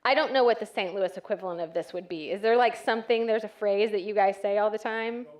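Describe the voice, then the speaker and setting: A woman's voice: mid-range voice, quick pace, darkish tone. Woman, 30s, from West Texas, church speaker; chatty and self-deprecating, leans on ums. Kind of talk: conversational talk to an audience.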